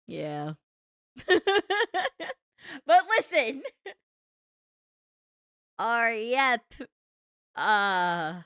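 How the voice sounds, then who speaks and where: A woman's voice: fairly low pitch, fairly bright tone, clean tone, no room sound, clean studio sound. Giggly, profane woman reacting. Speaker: video reactor. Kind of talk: casual reaction chat.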